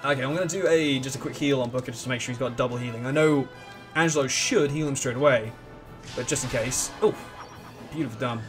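A man giving casual gameplay commentary as the host of a let's play, rambling and excitable, often restarting his sentences and humming along. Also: mid-range voice, quick pace, soft background music.

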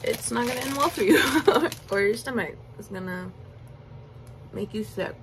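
A woman's voice: on the high side, normal speed, slight background noise, rough recording. A young woman in a casual eating vlog, chatting and giggling while she chews, recorded on a phone indoors. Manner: chatty, giggly, talks while chewing with mouth full. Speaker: mukbang vlogger.

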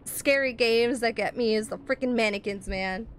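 A woman's voice: a little high, moderate pace, slight background noise. A woman commentating a horror video game as she plays, jumpy and chatty, talking both to the game and to her viewers. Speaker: gaming streamer.

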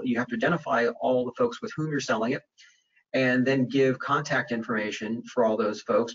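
A man presenting a webinar Q&A, talking conversationally with lots of fillers and restarts. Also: mid-range voice. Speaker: webinar presenter on data privacy. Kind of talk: webinar Q&A talk. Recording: muffled, distant webinar audio.

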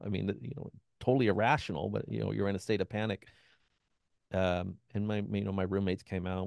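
A man with a fairly low, gravelly voice talks as an interview guest, recounting his experience in a loose, conversational way. He slips into the voices of people he quotes and keeps saying "you know." The sound is close and dry. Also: fast talker, a little mellow, dry recording. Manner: acts out quoted voices of others; frequent "you know" and restarts. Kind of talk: conversational personal storytelling.

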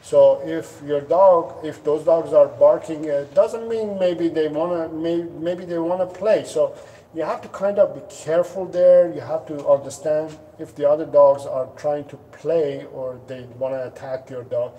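A man's voice: fairly high pitch, fairly even intonation, unhurried, mellow, recorded from a distance, slight background noise, poor audio. A man who is a dog trainer answering viewers' questions in a casual live stream, patiently explaining and sometimes acting out what a dog might be thinking. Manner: patient, explanatory, acts out dogs' thoughts in playful voices. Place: indoors at home, dogs nearby.

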